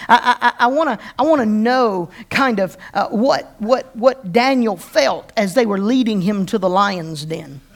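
Delivering a conversational sermon in a medium-pitched voice, a pastor often repeats words and restarts sentences while asking his congregation questions.

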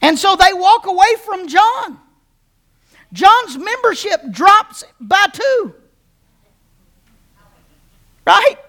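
A woman's voice: very high voice, sing-song, slow pace, a bit bright. A woman pastor giving a sermon, joking and telling stories with playful humor.

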